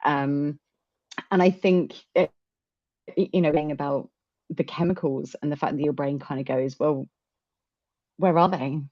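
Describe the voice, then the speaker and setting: A woman with a low voice talks openly in a casual chat, stumbling and restarting as she goes. The recording sounds dull and lo-fi. It is also dry, with no room sound. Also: fairly even intonation, no room sound. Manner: candid, halting, many restarts.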